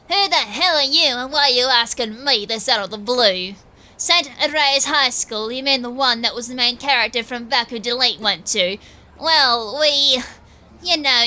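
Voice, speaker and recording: Nasal know-it-all male nerd in a game, read by an Australian woman; bright, higher voice. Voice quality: nasal, scrunched-face voice. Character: nasal young male comic-book nerd, smug.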